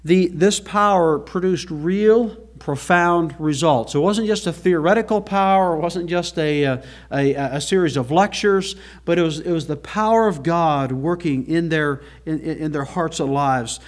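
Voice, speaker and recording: A man's voice: on the high side, unhurried, few pauses. A male pastor preaching a sermon to a church congregation, earnest and folksy, with rhetorical questions.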